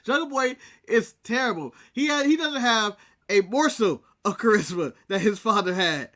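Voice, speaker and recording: Bright-voiced American man, blunt banter. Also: high-pitched, normal speed. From United States. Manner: blunt, laughs often, mimics wrestlers in quotes. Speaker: podcast co-host. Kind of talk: casual wrestling recap chat.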